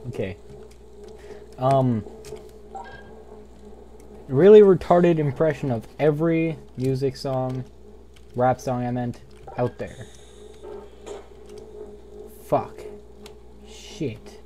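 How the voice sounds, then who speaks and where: A young man drawls through casual gameplay commentary at an unhurried pace, his voice mellow and soft-edged. He rambles and goofs around, swearing freely, recorded at home on a desktop mic with a faint hiss underneath. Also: medium pitch. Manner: rambling, goofy, swears a lot. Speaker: let's play commentator.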